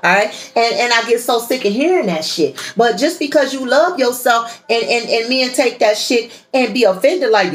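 Woman, tarot reader, fairly high voice, blunt, profane, preachy, repeats herself. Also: lively intonation, normal speed, hardly any pauses, poor audio. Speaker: tarot reader and channel host. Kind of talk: tarot reading monologue to viewers.

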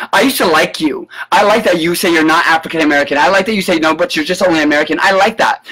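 A man giving an indignant live-stream rant, sarcastic and full of profanity, breaking into sudden high yelps. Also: a bit bright, a little hiss or hum, low-quality recording. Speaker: political commentator. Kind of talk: ranting live-stream commentary.

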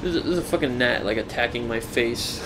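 A man's voice: mid-range voice, brisk, music in the background, low-quality recording. A young man casually commentating a video game with a friend, joking and laughing often. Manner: joking, laughs often, trails off mid-sentence. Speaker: gameplay commentator. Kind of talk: casual let's-play banter.

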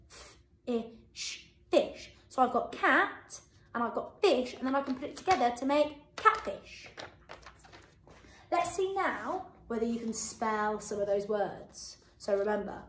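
A woman teacher giving a phonics lesson to young children, sounding out letters slowly and clearly and praising warmly. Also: on the high side, a little hiss or hum. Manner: encouraging praise. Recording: roomy echo.

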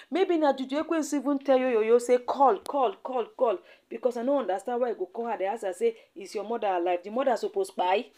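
A Nigerian woman with a fairly high voice tells a gossip story as commentary. She acts out every turn with loud exclamations and repeated phrases. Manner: dramatic, repetitive, exclamatory storytelling with laughs.

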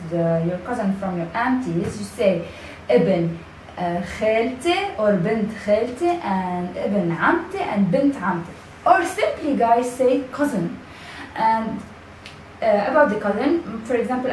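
A woman with a Lebanese accent, a native Arabic speaker, giving a casual video lesson, patient and repeating words slowly with many fillers and restarts. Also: a little high. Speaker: language teacher. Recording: echoey room, mic at a distance, faint background noise.

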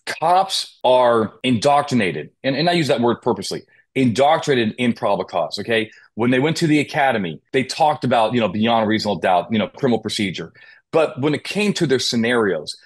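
Man, mid pitch, emphatic legal trainer on an interview podcast, asks rhetorical questions. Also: husky. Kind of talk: conversational interview. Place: Las Vegas.

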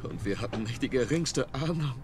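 A man's voice: medium pitch, lively intonation, a little fast, music in the background, lightly acted. A man voicing a guilt-ridden young soldier. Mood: anguished. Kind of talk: anime dubbing.

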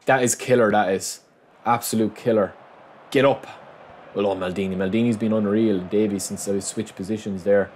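A man giving live gameplay commentary, swinging between hyped shouting and low muttering as he plays. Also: fairly even intonation, moderate pace. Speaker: gaming commentator.

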